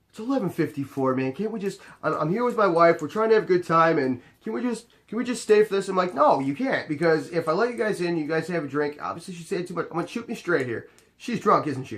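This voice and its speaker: A young man with a slightly high voice tells an easygoing story about working as a bouncer at a bar. He voices both sides of the conversation in an animated, exasperated way.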